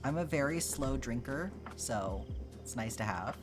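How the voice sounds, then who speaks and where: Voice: mid-range voice, lively intonation, measured pace. A livestreamer chatting casually with viewers while crocheting, answering questions and playfully mock-offended. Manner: chatty, playfully indignant teasing of chat. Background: background music.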